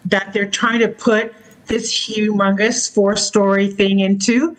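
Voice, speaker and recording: A woman speaking at a public hearing, polite and hesitant with many pauses. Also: mid-range voice, steady tone, low-quality recording.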